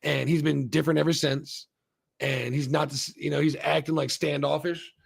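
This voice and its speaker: A man talks through a TV episode in a loose, profane ramble, jumping in and out of the characters' lines. His voice is gravelly with fry and sits a little high for a man. He sounds like an unscripted solo host. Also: little pitch movement, moderate pace. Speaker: show host reviewing a TV episode. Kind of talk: casual solo recap and review.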